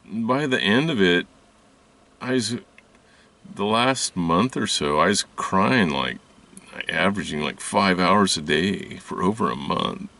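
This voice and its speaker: A man telling a personal story in a halting, rambling way, with many restarts and fillers. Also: deep voice, lively intonation, gravelly, bright, forceful tone. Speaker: spiritual video host. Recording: voice distant from the mic.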